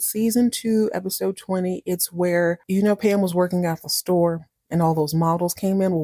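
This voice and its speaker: A woman host recaps a soap episode in an animated, indignant, conversational way. Her voice is fairly low and mellow. The recording is close and dry. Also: dry recording. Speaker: podcast host.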